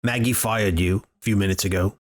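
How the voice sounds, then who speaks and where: A man's voice: fairly low pitch, fairly even intonation, fairly quick. A man playing in a tabletop game, blunt and pushy in casual chat. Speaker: player.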